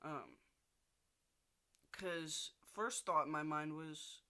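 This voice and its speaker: A man's voice: fairly high pitch, very slow, sharp tone, smooth. A young man ranting casually in a video diary, swearing often and rambling with restarts. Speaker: video diarist.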